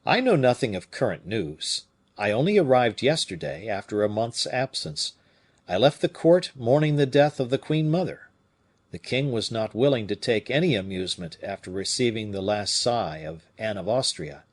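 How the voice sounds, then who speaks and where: Brief: male reader playing a proud, tired musketeer in a storybook, husky, pitched up and animated. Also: normal speed. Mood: curious. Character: proud weary musketeer, middle-aged man.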